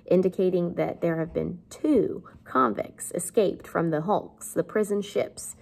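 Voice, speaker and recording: A woman's voice: mid-range voice, gravelly, a little mellow. A woman English teacher explaining a novel in a chatty, wry, conversational way.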